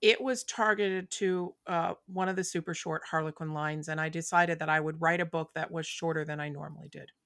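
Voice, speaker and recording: A woman author speaking as an interview guest, explaining her writing in a thoughtful, steady way. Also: low voice, fairly quick, hardly any pauses, no room sound, studio quality. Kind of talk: casual interview chat.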